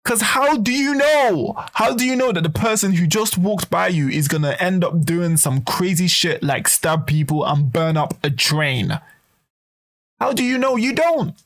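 A man talking in a casual, swearing rant, animated and acting out quoted voices. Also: high-pitched, measured pace. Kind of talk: casual monologue to camera.

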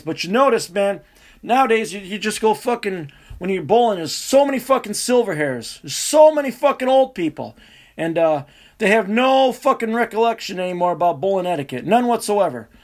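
Foul-mouthed guy with a high voice. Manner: profane, animated, laughing storyteller. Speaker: storyteller. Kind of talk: casual rambling anecdote.

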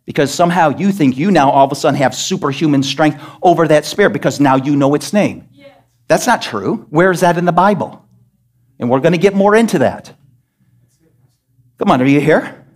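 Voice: medium pitch, animated, fairly quick. A church pastor delivers a sermon in a voice that rises and falls widely. The delivery is emphatic, and he keeps throwing questions at the congregation to rally them. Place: church service.

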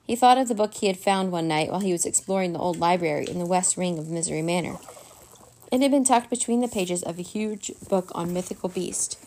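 A woman narrating a children's chapter book, reading aloud lively with character voices. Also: fairly low pitch, brisk, slight background noise. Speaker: storyteller. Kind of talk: children's storybook read-aloud.

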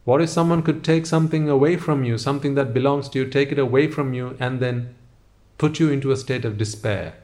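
A man in a motivational talk who keeps turning to the listener with pointed rhetorical questions. His pitch sits in an ordinary middle range for a man. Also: brisk, darkish tone. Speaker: speaker addressing listeners.

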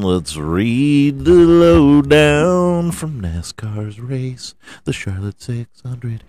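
A man chatting alone on his podcast, slow and unhurried, his pitch jumping around with animation. He rambles, jokes and swears freely, and the sound is close and dry with no room echo. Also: vocal fry, a little mellow. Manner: rambling, profane, jokey. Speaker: podcast host. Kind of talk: casual solo podcast chat.

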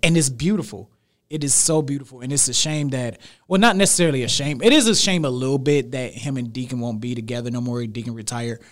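A young man talks sports as a podcast guest in a studio. His voice sits at an ordinary, mid-range pitch. He speaks emphatically and animatedly, leaning on repetition to drive his points home. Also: quick pace. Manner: emphatic, animated, repeats phrases for weight. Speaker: podcast guest, radio show host. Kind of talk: casual sports chat.

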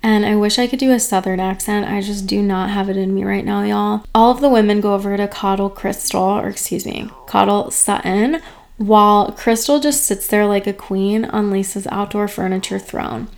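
A woman's voice: mid-range voice, steady tone, moderate pace, creaky. Chatty opinionated woman recapping TV. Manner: chatty and opinionated, with sarcastic asides. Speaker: reality TV recap host. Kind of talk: casual recap commentary.

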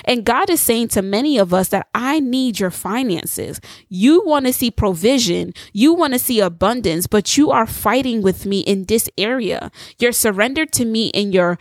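A woman preaching a testimony sermon, telling her story in a lively way and putting questions straight to her listeners. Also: a little high, normal speed, hardly any pauses, dry recording, studio quality. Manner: animated storytelling, acts out dialogue; addresses listeners directly with rhetorical questions.

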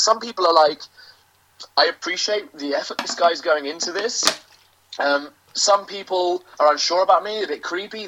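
A British man, a professional wrestler, delivering a grandiose, self-aggrandizing in-character promo with theatrical pauses. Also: high-pitched, sharp tone, a little hiss or hum. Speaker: professional wrestler, interview guest. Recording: lo-fi dull audio.

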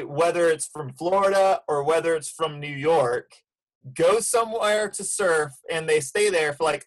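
A man co-hosting a surf podcast, talking in relaxed surfer slang, calling people "dude" and going off on a rant. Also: fairly high pitch, low-quality recording. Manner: laid-back surfer slang, ranting. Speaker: podcast co-host. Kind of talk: casual chat.

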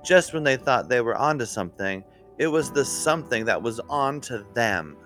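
A man narrating a mystery story in an unhurried, expressive way. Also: mid-range voice, soft background music.

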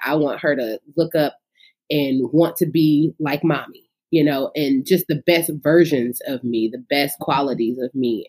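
Fervent low-voiced woman in her thirties. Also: husky. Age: 30s. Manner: testifying about faith with fervor. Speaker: singer and podcast guest. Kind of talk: casual interview.

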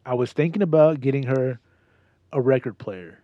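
A man's voice: mid-range voice, normal speed, no echo. A man co-hosting a casual chat, telling rambling stories and jokes. The recording is slightly dull and dry, with no room sound. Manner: rambling, joking, storytelling.

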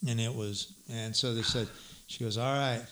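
A man, a bass player and singer, telling a rambling story in casual chat with restarts and laughs. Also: flat delivery, moderate pace, bright, forceful tone.

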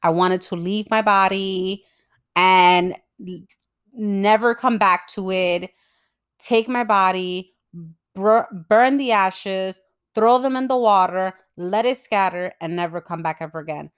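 A young woman podcast host telling a story in an animated, profane, casual way. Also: mid-range voice, takes it slowly, smooth. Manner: animated and profane, with expressive swings in loudness.

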